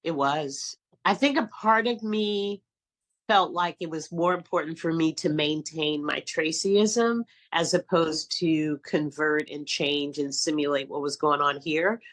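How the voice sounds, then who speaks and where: A middle-aged woman from San Francisco, a guest telling animated stories in a casual interview. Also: low-pitched, unhurried. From San Francisco, California. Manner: animated storyteller, acts out quotes. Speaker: guest, casting director and acting coach.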